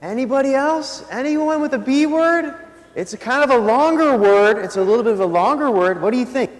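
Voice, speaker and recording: Male deacon, high voice, playful interactive homily, reverberant church. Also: animated, fairly quick. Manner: playful, quizzing the congregation. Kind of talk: interactive homily with young volunteers. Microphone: handheld microphone. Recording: echoey church with long reverb.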